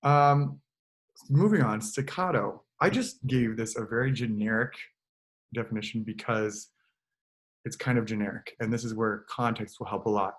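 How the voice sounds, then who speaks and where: A choir director teaches an online choral lesson in a relaxed, explanatory manner, occasionally singing short examples into a computer mic. His voice is mid-range and his pace moderate.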